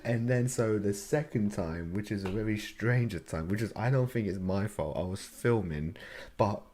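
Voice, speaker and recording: A man's voice: on the low side, normal speed, darkish tone. A young man co-hosting a podcast, trading joking, sweary banter in casual chat with frequent laughs. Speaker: podcast co-host. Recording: noisy recording.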